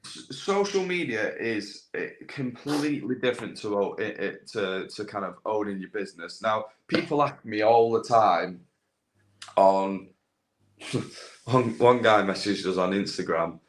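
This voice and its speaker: A man's voice: fairly low pitch, expressive, unhurried, a little hiss or hum. A young man chatting casually as a podcast guest, rambling with lots of fillers and restarts. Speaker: guest, landscaping business owner with a social media following. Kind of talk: casual chat.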